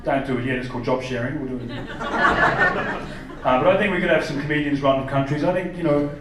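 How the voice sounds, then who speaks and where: Brash stand-up comic, echoey theater. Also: male voice, medium pitch, fast, far from the mic, heavy background noise. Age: 40s. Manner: brash, swearing, talks to the crowd. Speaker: stand-up comedian. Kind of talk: stand-up comedy with crowd work. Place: large theater stage. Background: audience laughter.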